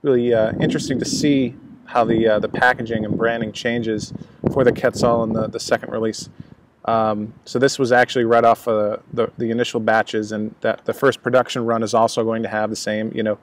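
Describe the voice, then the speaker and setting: A man's voice: lowish voice, flat delivery, a little fast, slight background noise. A man casually reviewing a cigar outdoors, rambling with many fillers and restarts. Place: outdoors at a laptop, breezy day.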